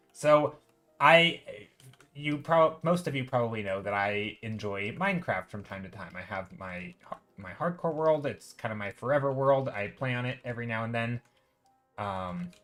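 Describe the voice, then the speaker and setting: A man's voice: medium pitch, fairly bright tone. Rambling man chatting on a live stream. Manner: rambling, thinks aloud, greets chat viewers. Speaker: live-streaming digital painter. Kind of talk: casual live-stream chat.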